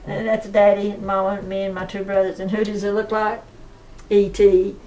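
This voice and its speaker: A woman's voice: medium pitch, flat delivery, moderate pace, mellow, low-quality recording. Folksy woman in her nineties. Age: 90s. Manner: chatty, folksy, laughs through her stories. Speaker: frog museum owner. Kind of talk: casual storytelling tour. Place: indoor shop museum full of collectibles.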